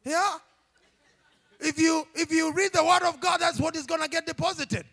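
High gravelly animated preacher man. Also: normal speed. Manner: animated, shouting, laughing preacher. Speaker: pastor. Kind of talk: sermon. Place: church.

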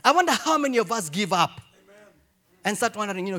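A male pastor delivers a sermon with a high, strikingly lively voice. He swings between hushed, confiding asides and loud, emphatic calls to the congregation. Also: moderate pace, pauses often.

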